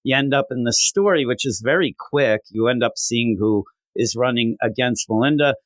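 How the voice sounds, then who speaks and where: A man's voice: medium pitch, normal speed, no echo. A man co-hosting a comic book podcast in a rambling, casual chat that is full of swearing. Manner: rambling, swears a lot, lively. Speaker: podcast co-host.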